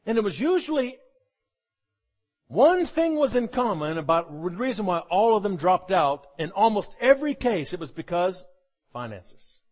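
A man preaching a sermon, animated and jokey, often acting out the voices of the people he quotes. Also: high-pitched, normal speed. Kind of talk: sermon with humorous asides.

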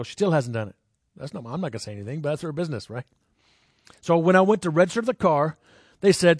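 Male preacher telling stories to a congregation, slightly high voice, dry close sound, chatty with the crowd. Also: quick pace, darkish tone, dry recording. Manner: conversational, asks the crowd questions; jumps into high voices when acting out people. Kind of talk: sermon with personal stories.

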